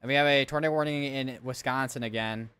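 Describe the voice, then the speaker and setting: A man's voice: mid-range voice, fairly even intonation, fast talker, bright, forceful tone, smooth. Man reading storm reports on a live stream. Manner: thinks aloud, reads town lists, corrects himself often. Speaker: severe weather streamer. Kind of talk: live weather coverage commentary.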